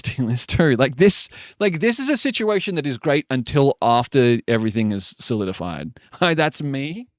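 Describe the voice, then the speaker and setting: A man's voice: medium pitch, no echo, clean studio sound. A man chatting casually on a live stream, rambling and joking, with frequent swearing. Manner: rambling, jokey, swears often.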